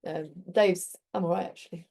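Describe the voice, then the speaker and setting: A woman's voice: fairly low pitch, steady tone, moderate pace, creaky, warm tone. A woman hosting a community group, talking in a chatty, reflective way and telling stories with many restarts. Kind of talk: casual reflective talk.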